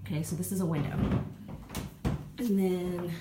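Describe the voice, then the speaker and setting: A woman's voice: fairly low pitch, fairly even intonation, moderate pace, heavy background noise. A tired American woman chatting casually on her phone in a small apartment, rambling through a story with lots of "like" and "you know.". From United States. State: tired, sleep deprived. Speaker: vlogger. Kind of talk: casual travel vlog chat.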